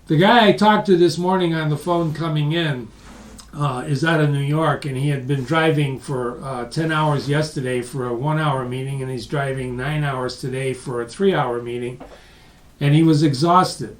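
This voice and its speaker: A man's voice: a little high, moderate pace. A man giving a live webinar lecture, talking conversationally and repeating points for emphasis. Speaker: webinar presenter. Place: room with live audience online. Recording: roomy, distant mic.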